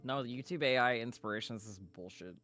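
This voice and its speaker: A man's voice: mid-range voice, fairly quick, pushed and bright, no echo, faint music behind. A tired man joining a casual stream chat, joking and sarcastic. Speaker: co-host guest.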